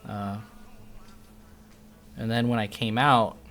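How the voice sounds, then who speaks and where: A man's voice: lowish voice, fairly even intonation, slow, fairly bright tone, slight background noise. A man streaming live, telling a story casually in a rambling, profane way that keeps restarting its sentences. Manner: rambling, profane, self-interrupting. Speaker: livestreamer.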